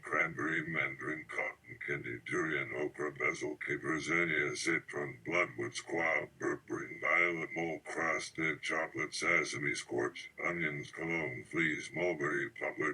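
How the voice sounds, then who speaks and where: A man hosting a live stream, reciting a long list of single words in a measured, list-like cadence with a pause after each one. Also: extremely low pitch, sharp tone, husky, poor audio.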